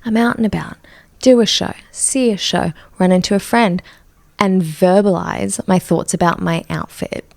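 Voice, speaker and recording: Gravelly-voiced woman, chatty and candid. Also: mid-range voice, fairly even intonation, moderate pace, darkish tone, no room sound. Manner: candid, chatty, self-mocking storytelling. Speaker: podcast host. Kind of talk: solo podcast storytelling.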